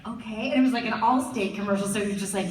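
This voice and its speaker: A voice actress on a convention panel, telling lively anecdotes with lots of laughter. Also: female voice, mid-range voice, very fast. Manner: animated, laughing, slips into character voices. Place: large convention hall with audience. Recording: echoey hall, distant mic, crowd noise.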